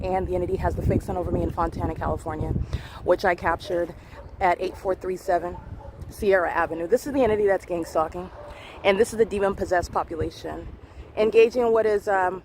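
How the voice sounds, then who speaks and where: Outdoors by a parking lot, a woman vlogger documenting her surroundings talks rapidly into her phone camera in an accusatory, insistent, repetitive monologue. Her voice is mid-range, with slight background noise.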